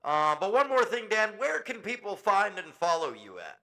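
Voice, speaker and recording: A man hosting a casual talk show in a jokey, upbeat manner. His voice sits on the higher side for a man, bright and sharp. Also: wildly swooping pitch, moderate pace, rough recording. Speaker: podcast host. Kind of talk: casual chat.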